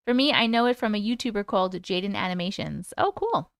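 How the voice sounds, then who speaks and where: Woman, high squeaky voice, bubbly live-stream host, animated, smooth and clear. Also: fairly quick, dry recording, clean studio sound. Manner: bubbly, reads chat aloud and greets viewers. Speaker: host reading live chat. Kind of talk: casual live-stream chat.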